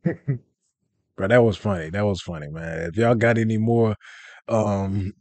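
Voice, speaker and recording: A man's voice: lowish voice, a little mellow, dry recording. A man hosting a reaction video, chatting casually and laid-back about a comedy clip. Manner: laid-back, drawn-out remarks.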